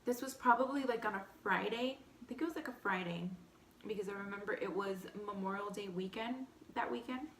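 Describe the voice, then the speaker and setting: A young woman with a light Texan accent casually telling a personal story between bites, animated and candid, full of "like". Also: medium pitch, a little fast, roomy sound, a little hiss or hum. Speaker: vlogger. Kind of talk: storytime eating show chat.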